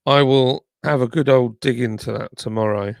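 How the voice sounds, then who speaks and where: Male streamer, mid-pitched and gravelly, casual chat-reading host with a slightly sore tongue. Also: moderate pace, dry recording, clean studio sound. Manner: chatty, reads viewer comments aloud, thanks subscribers. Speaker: livestream host.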